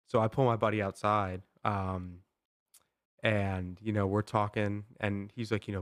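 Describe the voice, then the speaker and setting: A man's voice: fairly low pitch, fairly even intonation, normal speed, a bit bright, dry recording, studio quality. A young man hosting a podcast, telling a story in a casual, rambling way, with lots of "like" and "um" fillers. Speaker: podcast host.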